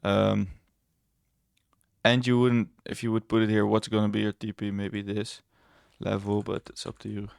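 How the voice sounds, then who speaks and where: A man's voice: on the low side, monotone, moderate pace, creaky, clear, resonant tone, no room sound, clean studio sound. A young man casually walking through his trades on screen, rambling and correcting himself, blunt and a bit sarcastic. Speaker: trading educator. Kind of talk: casual screen-share trading walkthrough.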